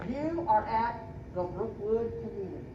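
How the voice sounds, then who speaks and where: A woman hosting a community video, talking in a teasing, animated way to a man and a set of stuffed toys. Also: on the high side, moderate pace. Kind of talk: playful skit narration. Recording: echoey, dull, faint background noise.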